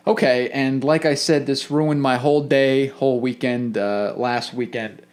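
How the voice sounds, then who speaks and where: A man's voice: medium pitch, fairly even intonation, a little slow, a little mellow, clean tone. Man ranting casually on a podcast. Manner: rambling, complaining, many restarts. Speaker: podcast co-host. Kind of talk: casual chat.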